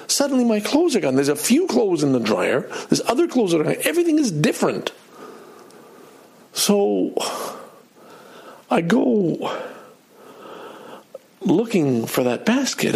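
A man's voice: high-pitched, creaky, a little mellow, husky. A middle-aged man telling a personal story in a casual, self-deprecating way, acting out his own outbursts.

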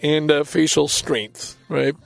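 A man's voice: on the high side, steady tone, takes it slowly, vocal fry. A man in his seventies, a podcast host, talking casually and rambling, reading a report aloud and commenting with self-deprecating chuckles. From Canada. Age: 70s. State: walks with a walker. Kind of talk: casual solo monologue.

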